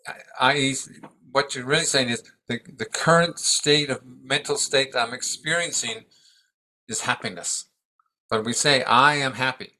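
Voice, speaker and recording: Older male teacher, 70s, bright clear tone, reflective, pausing speech. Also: medium pitch. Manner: thoughtful, halting, restarts often. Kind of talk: reflective dharma talk.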